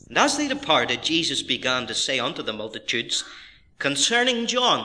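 A man's voice: a little high, bright, forceful tone. A middle-aged man preaching a sermon as pastor, reading scripture and stressing key phrases with earnest, rising emphasis.

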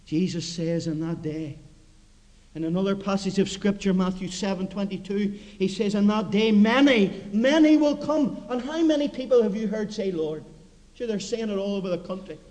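A man preaches a mission sermon with a strikingly high voice. He swings from quiet, low asides to loud, impassioned appeals. His voice rings out in a hall with a long echo. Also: normal speed.

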